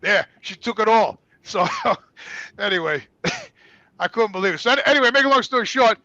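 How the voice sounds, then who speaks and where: A middle-aged man with a New York accent telling a family story in casual, profane talk, growing loud and animated as he gets worked up. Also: high-pitched, moderate pace, dry recording, muffled recording. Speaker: guest.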